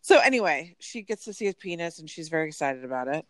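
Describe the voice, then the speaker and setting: A woman co-hosting a casual chat, animated and storytelling, full of "like" asides. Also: sits low, fast talker, no echo, studio quality. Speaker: podcast co-host. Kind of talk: casual chat recapping a reality show.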